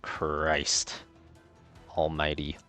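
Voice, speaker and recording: A man's voice: extremely low pitch, monotone, very slow, sharp tone, faint music behind. A man streaming a game live, talking through his play and ranting in exasperation about his teammates. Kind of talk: live gameplay commentary.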